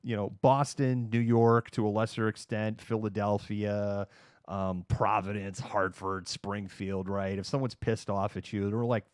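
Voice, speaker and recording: A man's voice: lowish voice, little pitch movement, unhurried, a little mellow, dry recording, clean studio sound. Chatty, sarcastic New man. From Massachusetts. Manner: chatty, sarcastic, acts out quoted people. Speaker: livestream host. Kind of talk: casual livestream chat. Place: home room.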